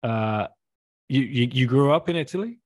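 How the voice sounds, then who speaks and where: A male podcast host with a middling pitch asks his guest questions in a relaxed, friendly manner. He laughs along and keeps the talk loose and informal. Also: moderate pace, dry recording, clean studio sound. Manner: laid-back, laughing, matey. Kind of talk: casual chat.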